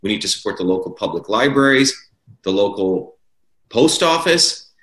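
A man's voice: fairly low pitch, lively intonation, normal speed, fairly bright tone. Emphatic man in a roomy echo. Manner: emphatic, repeats key words for stress. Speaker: interview guest. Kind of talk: political argument in an interview.

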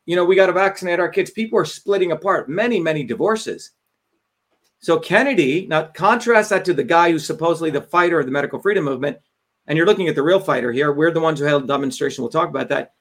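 A man hosting a livestream talk, combative and profane, mocking others with quick impressions. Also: on the high side, a bit bright. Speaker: host.

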